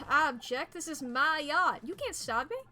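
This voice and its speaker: A woman voicing an arrogant male lawyer who owns a yacht in a video game, loud and indignant. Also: high-pitched, unhurried, faint music behind.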